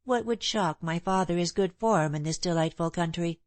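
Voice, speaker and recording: Proud headstrong young woman read by a lady narrator, low-ish voice, dry sound. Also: normal speed, a little mellow, no echo, lightly acted. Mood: defiant. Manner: impetuous, proud. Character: bold, scornful young woman, free-spirited. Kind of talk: audiobook character reading.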